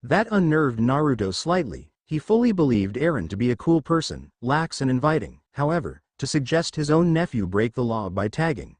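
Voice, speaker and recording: A male narrator reading a fan fiction story aloud with expressive storytelling. His pitch moves around a lot. The recording is dry and close to the mic. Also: normal speed, few pauses, no room sound.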